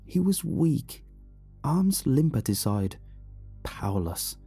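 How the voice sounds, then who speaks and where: A man reading a horror story aloud in a slow, hushed, brooding way. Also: fairly high pitch, big pitch swings, breathy edge, faint music behind. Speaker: narrator. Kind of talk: scripted horror narration.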